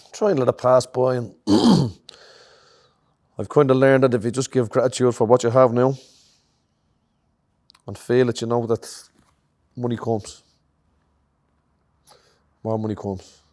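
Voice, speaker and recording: A middle-aged Irish man, a musician being interviewed, talking in a relaxed, reflective way. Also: mid-range voice, unhurried, long pauses. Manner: relaxed and reflective, many "you know" fillers. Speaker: musician guest. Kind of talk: conversational interview.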